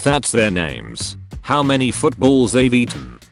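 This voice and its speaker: A man's voice: medium pitch, wildly swooping pitch, unhurried, gravelly, soft background music. A man narrating funny online posts in a read-aloud comedic style.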